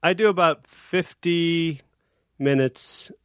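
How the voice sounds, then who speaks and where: A man's voice: fairly high pitch, slow pace, clear, resonant tone, no room sound, clean studio sound. A man telling stories as a podcast guest, acting out quoted dialogue as he goes. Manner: animated storyteller, acts out quoted dialogue. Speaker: guest, comedian and filmmaker. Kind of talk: casual podcast storytelling.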